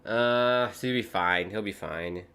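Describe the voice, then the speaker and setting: A man's voice: on the low side, a little slow. Chatty young man streaming a football watchalong. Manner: rambling, jokey, breaks into excited shouts. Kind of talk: casual live commentary and chat.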